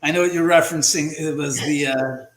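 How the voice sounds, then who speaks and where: A man on a home video call, telling a ghost story in a casual, animated way and acting out the lines of the people in it. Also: a little high, brisk, echoey room, a loud crowd, rough recording. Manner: storytelling, animated, acts out quotes. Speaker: guest, house owner and author. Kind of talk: casual livestream chat.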